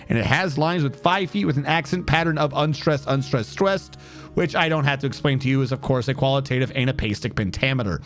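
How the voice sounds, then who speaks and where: A man streaming a strategy game, chatting casually and reading in-game text aloud with wry, sarcastic asides. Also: fairly high pitch. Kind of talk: casual gameplay commentary.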